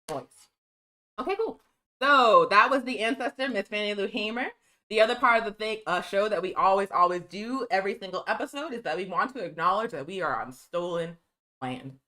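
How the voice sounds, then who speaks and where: A woman hosting a live political news stream, talking fast and emphatically, calling her viewers y'all and reading from a press release. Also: mid-range voice, animated, pushed and bright, poor audio.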